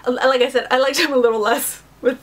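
Young woman vlogger at home, chatty and rambling, a little high-pitched. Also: steady tone, fast talker. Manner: rambling, filler-heavy "like" talk. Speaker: book vlogger. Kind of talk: casual vlog chat.

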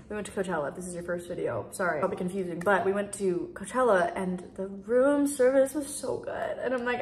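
A woman's voice: medium pitch, normal speed, hardly any pauses, darkish tone. A young woman chatting casually to her vlog viewers from her apartment, rambling with lots of "like". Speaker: vlogger. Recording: roomy echo.

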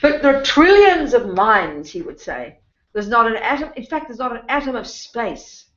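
A woman's voice: fairly high pitch, big pitch swings, normal speed, a bit bright. An Australian woman gives a Buddhist teaching talk to a class in a blunt, emphatic way, calling her listeners honey and sweetheart. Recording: roomy, dull lecture-room recording.

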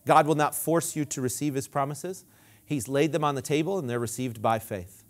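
A man preaching a sermon as pastor, emphatic and repetitive, dropping low and quiet when he quotes scripture. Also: normal speed. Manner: emphatic preaching with repeated phrases.

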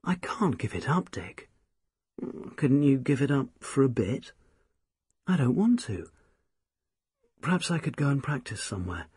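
A man's voice: mid-range voice, big pitch swings, measured pace, pauses often, darkish tone, husky, no echo, clean studio sound, exaggerated voice. A man voicing a young woman, an earnest and devoted music student, in an audiobook reading. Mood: wistful. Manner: eager, tender, pleading. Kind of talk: audiobook character voice.

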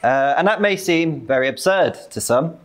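A man's voice: a little high, expressive, moderate pace. A man giving a lecture-style public talk, earnest, with frequent fillers and dry asides. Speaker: speaker at a political talk.

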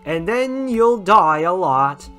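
Man reads flamboyant robot showman, slow, sing-song, melodramatic, game tune underneath. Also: high voice, big pitch swings, fairly bright tone, soft background music, pitched above the performer's own voice, full character voice. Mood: theatrical. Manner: theatrical, drawn-out, mock-tragic.

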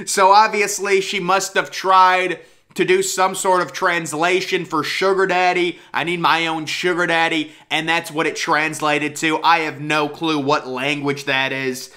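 A man's voice: a little high, bright, forceful tone. A young man casually commenting on screenshots, joking crudely and reading lines aloud.

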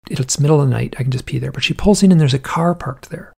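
Male guest, storyteller; gravelly, husky voice; animated delivery. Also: mid-range voice, quick pace. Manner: animated storyteller, acts out quoted people in a raised voice. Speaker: podcast guest. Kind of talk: storytelling in casual conversation.

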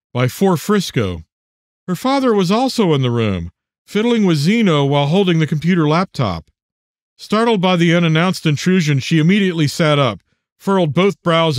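A man narrates an audiobook with an expressive, dramatic delivery. His voice sits a little high for a man and moves a lot in pitch. The sound is dry and close-miked. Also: no echo. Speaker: author and narrator.

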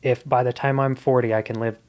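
A man's voice: medium pitch, level tone, fairly quick, darkish tone. Earnest man telling his story. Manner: earnest, reflective. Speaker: podcast guest, comedian. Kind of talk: casual interview storytelling.

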